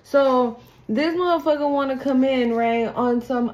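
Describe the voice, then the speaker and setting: A woman's voice: on the high side, a little slow, darkish tone, lo-fi sound, a little hiss or hum. A woman doing a casual spiritual tarot reading, blunt and profane, acting out the people she talks about. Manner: blunt, profane, acts out quoted people in sing-song voices. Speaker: tarot reader.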